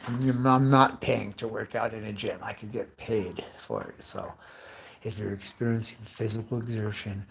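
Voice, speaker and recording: A low-ish voice with vocal fry and a faint hiss or hum carries a fifty-year-old man's rambling comic monologue. He's chatty and foul-mouthed, throwing out rhetorical questions and calling everyone dude and bro.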